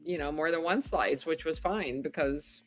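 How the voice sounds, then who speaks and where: A middle-aged woman speaks in a lower register, a guest recounting events in relaxed, animated conversation. She laughs easily as she goes. Faint music sits under her voice. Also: moderate pace. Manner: chatty, animated, laughs often. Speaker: podcast guest, former game show contestant. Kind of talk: casual storytelling interview.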